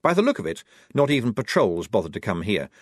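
A male audiobook narrator with a wry, expressive delivery and a lively, swooping pitch. His voice sounds dry and close to the mic. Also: fast talker, dry recording.

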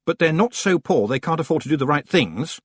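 A man voicing a sharp, blunt young witch girl who talks briskly and forcefully. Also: on the high side, expressive, slightly rough, no echo, clean studio sound, voice pushed up. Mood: angry.

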